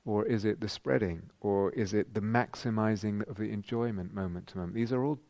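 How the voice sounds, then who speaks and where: A man giving a thoughtful dharma talk as a meditation teacher at a retreat, pausing and restarting as he searches for words. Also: lowish voice, gravelly, mellow, no room sound. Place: retreat centre meditation hall.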